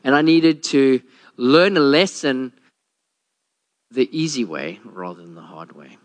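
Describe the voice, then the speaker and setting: A man, a pastor, preaching a sermon and telling a Bible story with lively acted-out quotes. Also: a little slow. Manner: storytelling, acts out quotes with a lowered voice.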